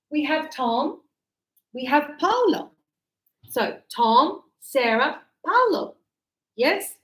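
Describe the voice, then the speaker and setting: Animated teacher acting out greetings. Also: female voice. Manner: animated, acts out dialogues with sing-song high-pitched lines. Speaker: English teacher. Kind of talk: classroom English lesson. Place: classroom.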